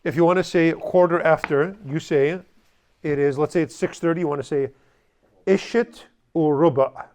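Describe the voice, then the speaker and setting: A man's voice: on the high side, fairly even intonation, brisk, darkish tone. A man teaching a language class, blunt and joking, drilling students to repeat after him. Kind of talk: classroom lesson.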